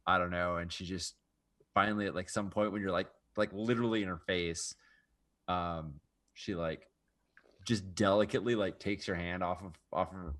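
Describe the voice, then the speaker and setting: A man playing a tabletop game, describing his character haltingly. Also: sits low, steady tone, fairly bright tone. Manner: halting, many fillers and restarts. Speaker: player. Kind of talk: casual tabletop game chat.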